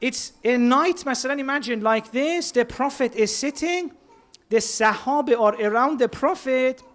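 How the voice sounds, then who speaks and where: A man's voice: extremely high pitch, moderate pace, fairly bright tone. Earnest man preaching. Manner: earnest, mixes Persian words into English. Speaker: speaker at a religious centre. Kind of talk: sermon.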